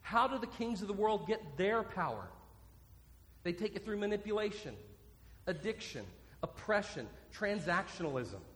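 A man with a fairly high voice preaches in a church sanctuary, earnest and deliberate. He repeats each key point so his listeners can note it down. His words ring with the long reverb of a big hall. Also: very animated, a bit bright. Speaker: pastor. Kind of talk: sermon.

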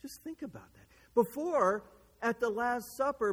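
A man's voice: very high voice, expressive, a little slow, a bit bright, big-room sound. A man preaching a sermon, retelling a scripture story earnestly and pressing his listeners with rhetorical questions.

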